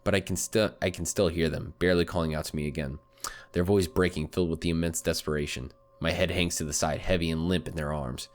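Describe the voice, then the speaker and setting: A young man hosting a let's-play, reading a visual novel aloud and chatting excitably with lots of swearing and laughter. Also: low voice, fast. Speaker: gaming channel host.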